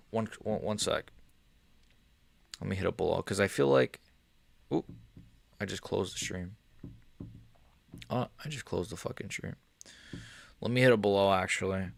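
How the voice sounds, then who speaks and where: A man's voice: lowish voice, vocal fry, no room sound. A man hosting a casual MMA livestream, answering viewers in a profane, rambling way. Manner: profane, rambling, talks straight to chat.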